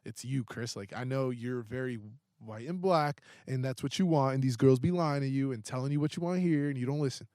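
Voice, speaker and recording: A young man, a podcast guest, telling a story in a casual, animated way, with heavy swearing and lots of fillers. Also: mid-range voice, fairly quick, hardly any pauses, no room sound, clean studio sound.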